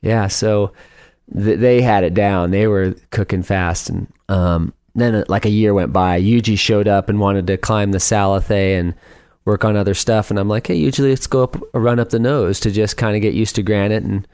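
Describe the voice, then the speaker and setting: A middle-aged man with a fairly low voice tells stories as a podcast guest. He is chatty, laughs easily and slips into other people's voices for quotes. The sound is dry and close. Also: fairly even intonation, moderate pace, darkish tone, clean tone, no echo. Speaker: guest, speed climber. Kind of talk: casual storytelling interview.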